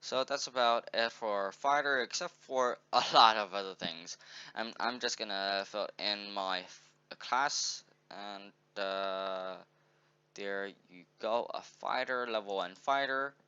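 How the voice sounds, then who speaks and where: A man's voice: fairly low pitch, slow pace, bright, forceful tone, clean tone, no room sound. A man casually walking through a tabletop game sheet, thinking aloud and correcting himself as he goes. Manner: meandering, self-correcting, upbeat. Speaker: game tutorial presenter. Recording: dull lo-fi recording.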